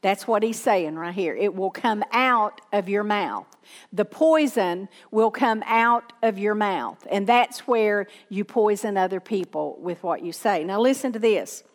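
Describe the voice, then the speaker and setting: A woman's voice: mid-range voice, a little slow, in a large hall. A woman pastor with a Southern accent, preaching a sermon with emphatic repetition and questions to the congregation.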